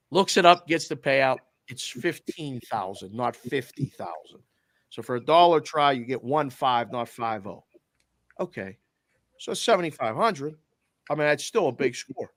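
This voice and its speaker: Middle-aged man telling a lively story. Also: mid-range voice, no echo. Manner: animated, quotes people in quick back-and-forth. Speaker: guest. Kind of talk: casual storytelling.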